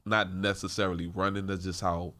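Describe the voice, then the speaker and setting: A man's voice: low voice, flat delivery, fairly quick, fairly bright tone. A man hosting a podcast, talking in a laid-back, slangy, casual way. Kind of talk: casual chat.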